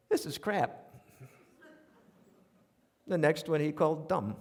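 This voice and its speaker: An older New York man whose voice sits on the high side tells humorous stories on stage, wry and conversational with animated asides. As a radio commentator, he performs his essays as a storytelling monologue for a live audience, and the theater recording has a long reverb.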